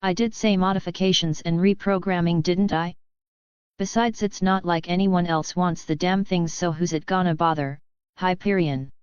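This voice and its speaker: Brief: brash young male fighter, woman narrator, confident swagger, crisp dry read. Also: fairly low pitch, normal speed, no room sound, muffled recording, lightly acted. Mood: cocky. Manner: cocky, swearing. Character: brash cocky young male vault hunter.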